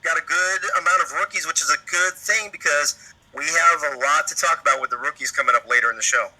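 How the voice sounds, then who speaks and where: A man's voice: fairly high pitch, fast, pushed and bright, rough recording. A man co-hosting a casual livestream, upbeat and chummy, reading viewer names from chat. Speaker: co-host. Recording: old-time radio-like filtered sound.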